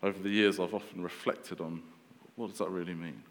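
Low-voiced man preaching in an echoey hall. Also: steady tone, fairly quick. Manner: conversational, many fillers and restarts. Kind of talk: sermon.

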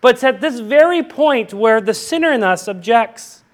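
High-voiced, animated preaching man. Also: normal speed. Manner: animated, emphatic, repeats himself with "I mean". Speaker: pastor. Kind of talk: sermon.

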